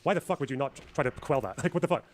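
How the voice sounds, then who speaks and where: A male streamer in a heated debate who fires off his points at breakneck speed. His voice sits at a middle pitch, and he swears freely as he hammers home repeated questions. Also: lively intonation, rapid-fire. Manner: argumentative, swears often, presses with repeated questions. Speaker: streamer host.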